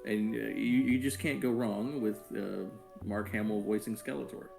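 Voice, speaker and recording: A man's voice: lowish voice, steady tone, normal speed, vocal fry, darkish tone, soft background music. A man co-hosting a podcast in casual chat, swearing freely and rambling. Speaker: podcast co-host.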